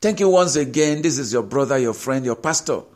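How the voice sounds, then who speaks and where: A man's voice: medium pitch, lively intonation, a little fast. A man preaching a sermon as a pastor, pressing his listeners with rhetorical questions and rising emphasis.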